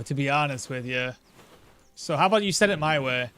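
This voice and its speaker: A young man streaming a survival game, chatting loosely and telling a profane story with sudden loud outbursts. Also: a little high, normal speed, clean tone. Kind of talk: casual gameplay commentary.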